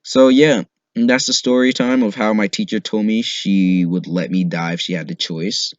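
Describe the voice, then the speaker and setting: A man's voice: on the low side, steady tone, normal speed, no room sound, highs cut off. A teenage boy telling a casual storytime, rambling with lots of "like" and "you know" and casual swearing. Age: teens. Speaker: vlogger.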